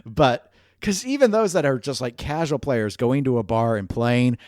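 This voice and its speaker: A man's voice: medium pitch, expressive, moderate pace, a little mellow, no echo, studio quality. A man co-hosting a casual podcast chat, rambling along, restarting his sentences and laughing at himself. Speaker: podcast co-host.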